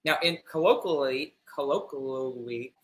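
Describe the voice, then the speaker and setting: A man's voice: mid-range voice, unhurried, echoey room, a little hiss or hum, low-quality recording. A man in a casual faith podcast conversation, thinking aloud and searching for the right words.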